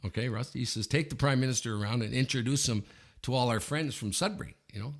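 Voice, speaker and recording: A man in his fifties from Canada, co-hosting a podcast and telling an anecdote in a lively way, often checking in with "okay?". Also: medium pitch, fast. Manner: animated anecdote teller, frequent "okay?" check-ins. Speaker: podcast co-host. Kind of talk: casual storytelling.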